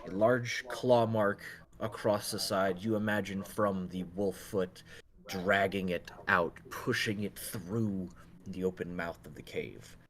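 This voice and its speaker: A man narrating as game master in a tabletop role-play, describing scenes in a slow, measured way. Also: sits low, a little hiss or hum.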